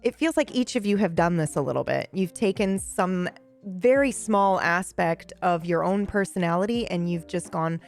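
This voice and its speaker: Woman, Q&A moderator; supportive, quick affirmations, keeps the chat moving. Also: on the low side, lively intonation, a little mellow, soft background music. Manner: supportive, quick to agree and laugh along. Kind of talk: casual live Q&A chat.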